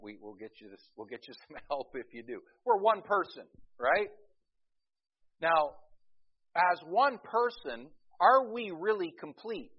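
A man's voice: high-pitched, husky, lo-fi sound. A man preaching a sermon in a loose, conversational storytelling way, often stopping to restart his sentences.

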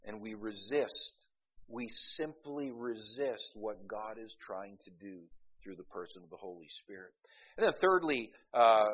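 A man preaching a sermon as pastor. He swings from quiet asides to loud, emphatic peaks and often restarts his words. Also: fairly low pitch, expressive, a little slow, highs cut off.

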